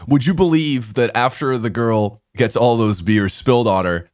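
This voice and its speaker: A man's voice: medium pitch, normal speed, dry recording, studio quality. A man hosting a podcast, telling a story in casual chat and laughing often as he goes. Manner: animated, laughs through his stories. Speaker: podcast host.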